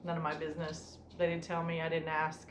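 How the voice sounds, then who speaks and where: Woman vlogger, lowish voice, roomy echo, chatty rambling storyteller. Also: monotone, a little fast, a little hiss or hum. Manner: rambling, lots of "um" and "you know". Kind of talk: casual storytime chat. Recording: roomy room with faint music.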